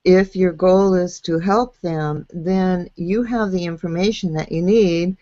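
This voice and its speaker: Female show host, slow and low-pitched, encouraging; dull, dry video-call sound. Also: steady tone, mellow, dry recording. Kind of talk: hosting a live video chat show.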